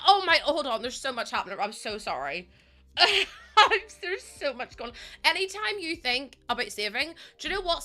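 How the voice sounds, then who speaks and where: Bubbly bright-voiced young woman streamer. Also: a little high. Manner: bubbly and chatty, laughs often, talks to chat. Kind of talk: live-stream chat while playing a building game.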